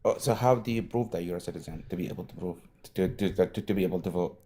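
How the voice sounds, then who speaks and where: A man's voice: low-pitched, fast, warm tone, a little hiss or hum. A man in his thirties from Pennsylvania, calling in to debate, hesitant with many fillers. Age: 30s. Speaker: caller. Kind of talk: call-in debate.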